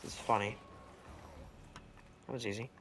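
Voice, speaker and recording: Gravelly young man rambling over gameplay. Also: lowish voice, steady tone, moderate pace, fairly bright tone, a little hiss or hum. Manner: rambling, self-correcting, casual swearing. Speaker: gaming video creator. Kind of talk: casual commentary while playing and telling a story.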